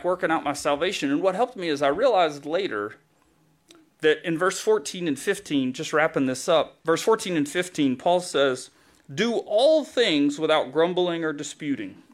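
A man's voice: fairly high pitch, lively intonation, normal speed. A male pastor giving a conversational sermon, telling a story with self-deprecating humor and a casual delivery full of fillers.

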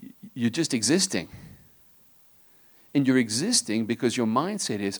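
A middle-aged man preaches a sermon as a pastor in a mid-range, sing-song voice at a moderate pace. He talks conversationally with jokey asides and sometimes drops into a hushed, intense tone.

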